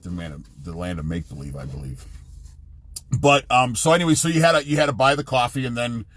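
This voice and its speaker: A man's voice: medium pitch, expressive, fast talker, fairly bright tone, no echo. A middle-aged man, a truck driver, rambling casually and profanely in his own vlog, jumping from topic to topic.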